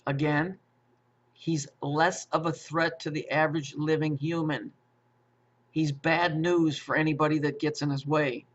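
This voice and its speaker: A man's voice: on the high side, flat delivery, measured pace, fairly bright tone. A man delivering a rambling, profane monologue, repeating himself and stumbling over restarts while firing rhetorical questions. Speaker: conspiracy commentator. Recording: muffled lo-fi audio.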